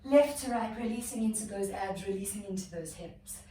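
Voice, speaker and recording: A yoga instructor leads a yoga-inspired abs workout, out of breath as she cues counts and breathing and offers encouragement. Her voice is medium-pitched, warm and a little fast, picked up by a distant mic in an echoey room.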